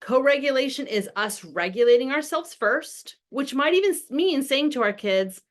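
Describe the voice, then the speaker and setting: A woman's voice: high voice, expressive, moderate pace, hardly any pauses. A middle-aged woman explaining parenting ideas in an earnest way, acting out what a parent might say with big emotion. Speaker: parenting expert. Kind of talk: explaining to camera.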